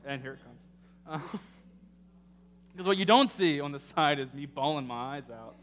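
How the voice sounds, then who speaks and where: A man preaching a sermon as pastor, halting with many ums and emotional at times. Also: a little high, expressive, fairly bright tone. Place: church sanctuary. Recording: echoey hall with faint noise.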